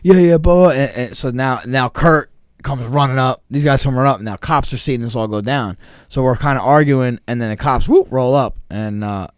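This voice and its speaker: A man's voice: medium pitch, normal speed, clean tone, no room sound, clean studio sound. A man, co-hosting a podcast and telling a story in casual, profane chat, acting out the quotes. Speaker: podcast co-host.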